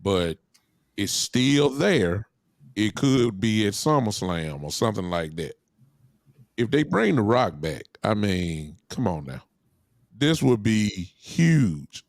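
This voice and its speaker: A man who regularly drops in on a podcast, talking with a showman's flair and addressing ladies and gentlemen. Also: on the low side, sing-song, slow pace, dry recording, clean studio sound. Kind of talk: casual chat.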